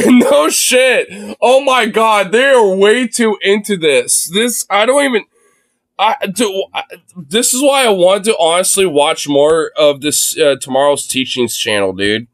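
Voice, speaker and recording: Animated high-voiced young male streamer. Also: a little slow. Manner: incredulous, exclaiming, swears a lot. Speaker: streamer reacting to a video. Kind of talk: casual live-stream reaction.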